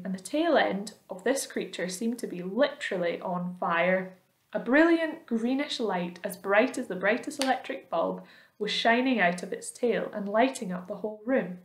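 A woman reads a children's story aloud at an even, middling pitch, pausing now and then to ask her young listeners questions. Her voice carries a roomy echo.

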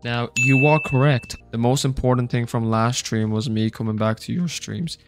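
A young man streaming a video game, reacting loudly, swearing and reading his chat aloud. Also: mid-range voice, moderate pace, loud music behind the voice. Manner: excitable, swears a lot, reads chat aloud. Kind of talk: gaming livestream commentary.

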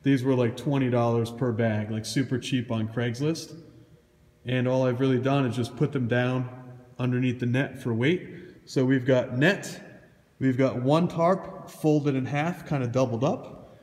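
A man's voice: mid-range voice, fairly even intonation, a little slow, a little mellow. A man with a Boston accent, a throws coach giving a casual, loose how-to walkthrough and correcting himself as he points things out on camera. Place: indoor gym throwing area. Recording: echoey gym with long reverb.

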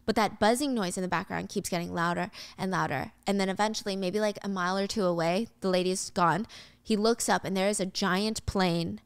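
A young woman casually recapping a film as the host, acting out the characters' lines with lively delivery. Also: medium pitch, fairly quick, vocal fry, clean tone, dry recording. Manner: animated storytelling, acts out characters' lines.

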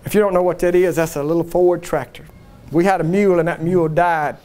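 A man's voice: fairly high pitch, fairly even intonation, fast talker, a little mellow. A male pastor preaching a sermon in a folksy, emphatic storytelling way in a church.

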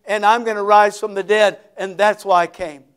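An earnest, patient Jesus, as a preacher speaks his lines, voiced high for a man. He explains plainly and steadily, like a teacher walking his followers through what is coming. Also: fairly even intonation, normal speed, smooth, close to an everyday voice.

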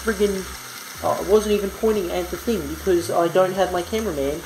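Pitched high and talking a little fast, a young Australian man vlogs while cooking at home, using a fake American accent and rambling self-mocking jokes. The handheld phone camera picks up background noise, including faint music and sizzling bacon.

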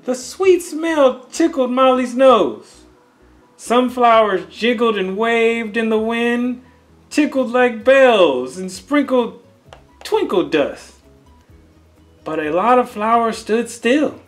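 Older grandfather type reading to kids, unhurried, very expressive pitch, music bed. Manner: slow, expressive, asides to young listeners. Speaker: storyteller. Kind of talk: reading a children's picture book aloud.

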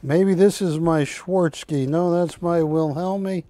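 Slow, dry-voiced man selling on live TV. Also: a little high, fairly even intonation, dark tone, no echo. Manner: rambling anecdotal storytelling, self-correcting. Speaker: shopping channel host. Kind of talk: live TV sales presentation. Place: TV studio.

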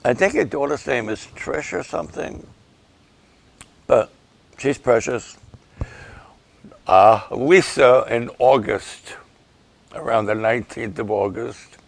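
An older man, a pastor, giving an emotional, halting update and prayers for his ministry partners. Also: mid-range voice. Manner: emotional, halting, slow and gravelly.

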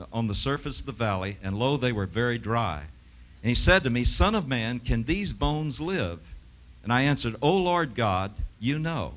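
A middle-aged man preaching a sermon and reading scripture aloud. He speaks with emphasis and asks the audience rhetorical questions. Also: mid-range voice. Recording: dull lo-fi 1980s television broadcast.

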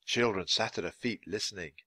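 A man reading a children's book aloud at natural speed for English learners, clear and expressive. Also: fairly low pitch, brisk, no room sound. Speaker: storybook reader.

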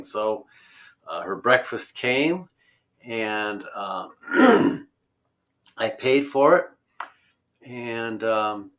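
Guest storyteller: man, lowish voice, bright tone, rambling, lots of fillers. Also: animated, very slow, long pauses. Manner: rambling, many fillers and restarts. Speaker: road-trip traveler guest. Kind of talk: conversational storytelling.

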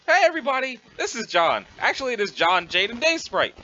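A man's voice: extremely high pitch, sing-song, brisk, highs cut off, background noise. A man voicing a cheerful, goofy teenage boy reading out his own friendly, upbeat letter.

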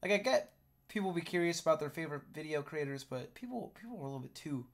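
A man's voice: on the high side, lively intonation, fast. A man streaming, giving loose, joking reaction commentary and swearing freely.

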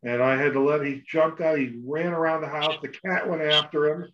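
Guy chiming in quick, kinda muffled lo-fi sound, slightly high voice. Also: flat delivery, a bit bright. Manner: quick interjections, joking. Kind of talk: casual chat. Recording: dull lo-fi line.

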